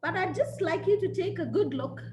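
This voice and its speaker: A woman lecturer giving a webinar, telling a story and speaking in a deliberate, emphatic way. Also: very high-pitched, animated, darkish tone. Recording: echoey room with faint noise.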